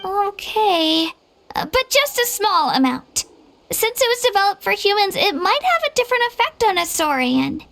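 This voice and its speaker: A gentle, earnest young girl warrior. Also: very high voice, big pitch swings, normal speed, creaky, background noise, full character voice. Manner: sincere, soft-spoken, heartfelt. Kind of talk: video game voice acting. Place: recording studio.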